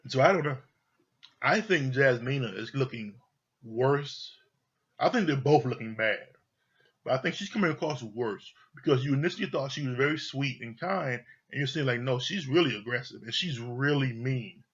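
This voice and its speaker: A man talks through a reality show episode in a loose, opinionated way, swearing freely and circling back to the same points. His voice is slightly husky, and the recording sounds a little dull and lo-fi. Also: medium pitch, lively intonation, normal speed. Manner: blunt, profane, repeats himself. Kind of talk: casual opinionated commentary. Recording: dull lo-fi audio.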